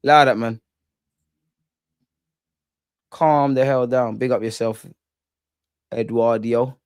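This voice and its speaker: A young man with a London accent, chatting casually on a live stream about football while reading out and reacting to viewer comments in slangy, animated talk. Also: mid-range voice, unhurried, clean tone, no echo, clean studio sound.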